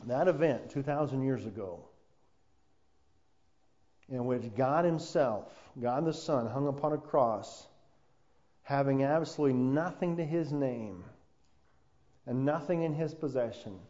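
A man preaching a sermon as pastor, building to loud emphatic peaks and then dropping low and quiet for weight. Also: measured pace, pauses often. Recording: dull lo-fi sound.

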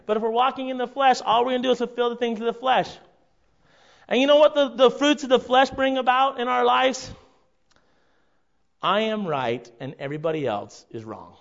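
A man preaching a conversational sermon to his congregation, often checking in with a quick "right?". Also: high voice. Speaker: pastor. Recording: dull lo-fi recording.

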